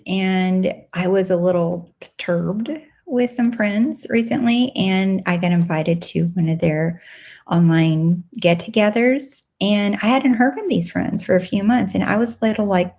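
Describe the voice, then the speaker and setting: Bubbly woman hosting a live Q&A. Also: unhurried. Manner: bubbly, animated, with squealing excited highs. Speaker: live Q&A host and coach. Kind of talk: casual live-stream chat.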